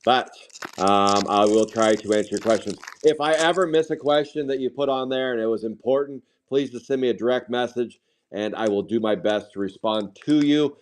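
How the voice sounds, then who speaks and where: Opening trading card packs on a live stream, a man talks casually at a normal speed in a medium-pitched voice, drifting off into rambling, sidetracked anecdotes.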